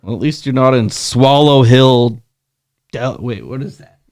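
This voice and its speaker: A man's voice: medium pitch, measured pace, darkish tone, no echo. Joking male podcast co-host, dry sound. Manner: joking, riffing on crude puns. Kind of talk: casual chat.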